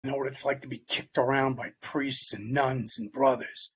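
An older man shares his recovery story in a casual, conversational way and acts out the dialogue he quotes. His voice is husky and of middling pitch. The recording is dull and lo-fi. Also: fairly even intonation, normal speed, a bit bright. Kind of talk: personal testimony talk.

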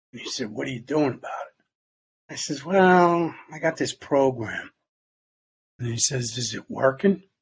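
A man's voice: medium pitch, breathy edge, lo-fi sound. Older man telling his recovery story. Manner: conversational storytelling, acts out quoted dialogue. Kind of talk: personal testimony talk.

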